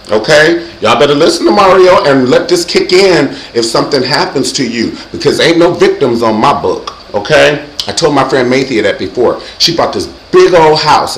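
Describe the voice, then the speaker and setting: A man hosting his own show, giving comedic safety advice in a sassy, animated way and acting out loud yells. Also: a little high, moderate pace, roomy sound, a little hiss or hum, poor audio. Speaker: vlog host.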